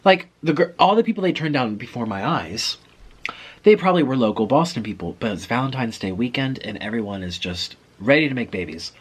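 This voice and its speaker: A man with a slightly husky voice tells a story to the camera in an animated, chatty way. He jumps into other people's voices as he talks, and his pitch stays in an everyday middle range. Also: a little fast. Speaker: vlogger. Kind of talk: storytelling vlog.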